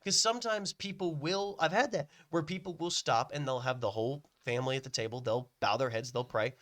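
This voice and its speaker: A man's voice: medium pitch, fairly quick, fairly bright tone. A man co-hosting a podcast, rambling through a work anecdote with fillers and amused laughs. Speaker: podcast co-host. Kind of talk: casual storytelling.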